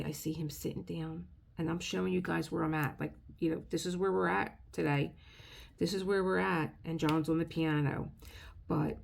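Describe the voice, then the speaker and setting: A middle-aged craft video creator with a low, creaky, slightly mellow voice tells a rambling, emotional story in a casual vlog. She is chatty and restarts often, with slight background noise behind her.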